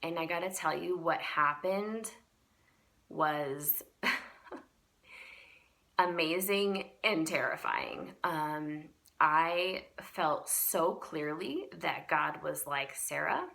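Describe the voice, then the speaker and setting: A woman shares a personal testimony on her vlog, talking unhurriedly with lots of ums and laughter. Her voice sits a little low and has a gravelly edge, yet it sounds bright. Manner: animated storytelling with frequent ums and laughs. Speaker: vlogger.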